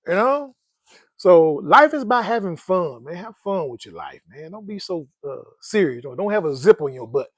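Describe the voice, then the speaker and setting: A playful man talks about money and life in a high, lively voice, laughing often and dropping folksy slang. The sound is close and dry. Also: normal speed, dry recording. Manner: folksy slang, calls listeners "man" and "dog". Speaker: personal finance vlogger. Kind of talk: casual motivational talk.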